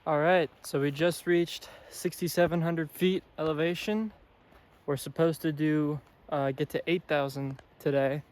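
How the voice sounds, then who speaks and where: A young man talks into a handheld camera as he hikes a mountain trail, chatty and upbeat, with fillers here and there. His voice sits a bit high and stays level without much rise and fall. Outdoor noise runs clearly under the whole recording. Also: level tone, measured pace, darkish tone. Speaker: hiker filming his own trip. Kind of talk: casual vlog narration. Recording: noisy outdoor camera audio.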